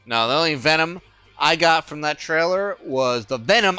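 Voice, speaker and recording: A man's voice: fairly high pitch, animated, moderate pace, pushed and bright, smooth, dry recording, faint music behind. A man co-hosting a casual podcast, blunt and emphatic in his opinions. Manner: blunt, emphatic, ranting about a trailer. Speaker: podcast co-host. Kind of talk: casual chat.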